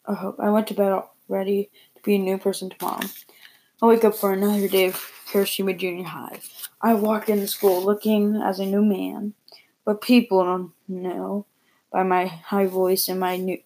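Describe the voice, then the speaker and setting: A woman reading a first-person story aloud, plainly and a little haltingly, with repeated words. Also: medium pitch, little pitch movement, warm tone, slight background noise, low-quality recording.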